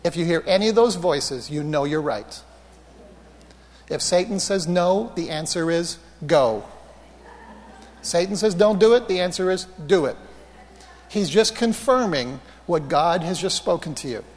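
A man preaching a sermon, telling healing stories in an animated, anecdotal way with self-mocking humor. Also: sits high, measured pace, big-room sound. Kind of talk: storytelling sermon.

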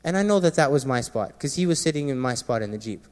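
A man, a former Marine, sharing an earnest personal testimony with a gathering, often dropping quiet and low at painful moments. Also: expressive, fast talker. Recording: long reverb of a large hall.

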